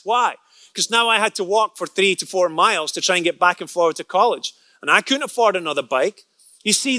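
Bright-voiced man preaching a story sermon. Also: high-pitched, no room sound. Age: adult, past college age. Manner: storytelling, repeats words when excited, acts out quotes.

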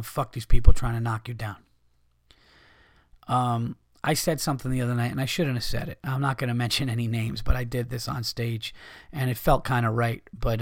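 Male comedian host, heated profane monologue, mid-pitched voice, dry close sound. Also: no room sound. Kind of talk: casual podcast monologue.

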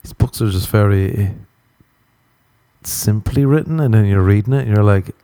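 A man's voice: lowish voice, moderate pace, mellow, no echo. A man talking in a casual comedic monologue, rambling and self-mocking, swearing constantly as he drifts between asides.

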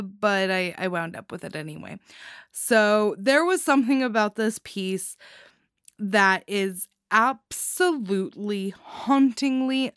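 A woman's voice: medium pitch, fairly bright tone, smooth, no echo, studio quality. Giddy woman reviewing stories, laughing often. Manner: giddy, laughs often, stumbles over words. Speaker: anthology story reviewer. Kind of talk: casual spoken story reviews.

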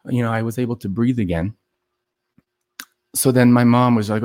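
Male guest from Los Angeles, animated storyteller who acts out quotes and leans on fillers. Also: mid-range voice, normal speed. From Los Angeles, USA. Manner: animated, acts out quoted voices, heavy "like" and "you know" fillers. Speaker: podcast guest. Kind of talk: conversational storytelling.

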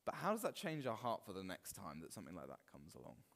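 Animated male preacher in a reverberant hall. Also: sits low, fast. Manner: animated, acts out quoted voices. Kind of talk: sermon. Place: church hall.

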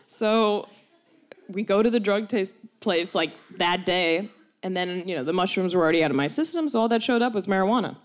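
A young woman telling a long personal story, animated and laughing often, with many "like"s and quoted voices. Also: mid-range voice, moderate pace.

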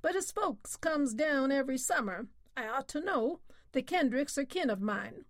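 A woman's voice: sits high, expressive, moderate pace, no room sound, studio quality, pitched above the performer's own voice. A woman voicing a very old, small village storekeeper who answers in curt, drawling country speech. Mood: gruff.

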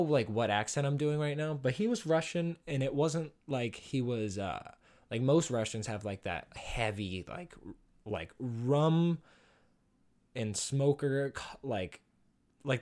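A man's voice: medium pitch, darkish tone. Rambling, profane young man telling stories. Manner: rambling, profane, self-deprecating, laughs often. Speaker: podcast host. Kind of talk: casual comic storytelling.

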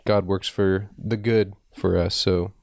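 Deep-voiced man hosting, dry close sound. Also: level tone, slow pace, vocal fry, darkish tone, no echo. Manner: affirming, friendly, uses "man" often. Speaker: podcast host. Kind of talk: casual interview chat.

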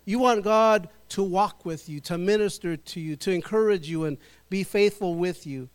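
A middle-aged male pastor preaches a sermon in church, drawing the congregation into call and response. He slows down to stress key words, and his voice is high-pitched and smooth.

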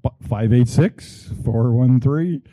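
A middle-aged man, a real estate broker, pitching his services at a meetup in a plainspoken way, often correcting himself. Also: slow pace, dark tone, no room sound. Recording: dull lo-fi room audio.

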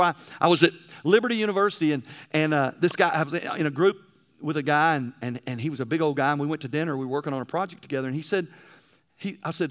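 A male preacher delivering a sermon, telling stories and swinging between loud emphasis and hushed passages. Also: on the high side, fast talker.

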